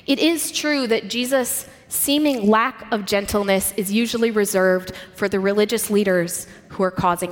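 A woman preacher giving a sermon, retelling stories vividly and earnestly, asking the listeners rhetorical questions. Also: mid-range voice. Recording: long hall reverb.

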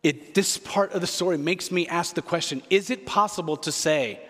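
A man delivers a sermon as a pastor, earnest and reflective, circling back to repeat his key phrases. His voice sits a little on the high side. It rings out with the long reverb of a large hall. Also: normal speed, hardly any pauses, fairly bright tone, slightly rough.

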